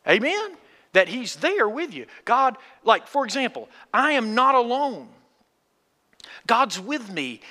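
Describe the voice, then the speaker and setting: A man preaching a sermon with a high, bright voice that swings widely in pitch. He talks in a folksy way and keeps asking his listeners questions, and his voice rings out with a long hall reverb. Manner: folksy, asks the congregation questions.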